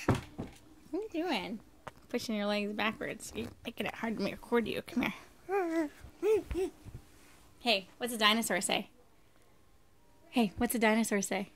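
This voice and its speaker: A woman's voice: fairly high pitch, fairly bright tone. A young woman filming at home with a handheld camera, coaxing her baby in sing-song baby talk.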